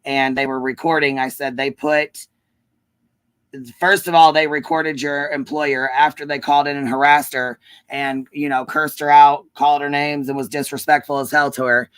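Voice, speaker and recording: Furious profane livestream host. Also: male voice, on the high side, flat delivery, moderate pace, a bit bright, smooth, dry recording. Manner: heated, profane, repeats himself. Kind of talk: angry livestream rant.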